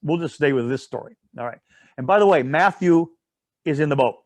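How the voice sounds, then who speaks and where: Man, Bible study leader, fairly high voice, rambling storyteller, lots of asides, dry close sound. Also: a little fast, a little mellow, no room sound. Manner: rambling storyteller with many asides and self-corrections; often asks "all right?" to check in with listeners. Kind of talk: casual Bible study teaching.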